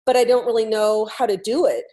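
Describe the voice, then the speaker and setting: A woman's voice: on the high side, a little fast, warm tone, lightly acted. A woman voicing an eighth-grade boy as she retells a classroom story, speaking his words in a plain, earnest way. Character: young teen boy student, defensive but earnest.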